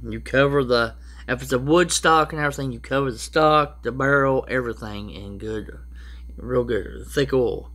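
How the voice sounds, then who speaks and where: A man's voice: medium pitch, normal speed, a bit bright. A man giving rambling, casual how-to advice as a prepper vlogger, with frequent restarts and asides.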